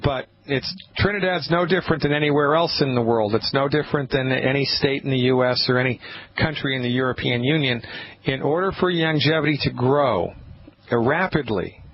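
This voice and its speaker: A man's voice: medium pitch, fairly quick. A man hosting a radio call-in show, talking casually and emphatically, often restarting his sentences. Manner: emphatic, rambling, with frequent restarts. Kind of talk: casual call-in advice talk. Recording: muffled lo-fi radio broadcast with faint hiss.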